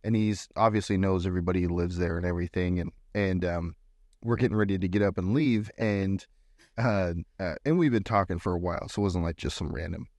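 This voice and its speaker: A laid-back man in his thirties co-hosts a casual podcast, spinning stories with a joking, easygoing delivery. His voice sits on the low side and is recorded close and dry. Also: brisk, a little mellow, dry recording. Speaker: podcast co-host. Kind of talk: casual chat.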